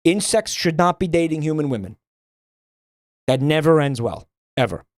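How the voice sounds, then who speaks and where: A man's voice: on the high side, lively intonation, moderate pace, no echo, studio quality. A man streaming, ranting bluntly and swearing a lot in casual livestream commentary.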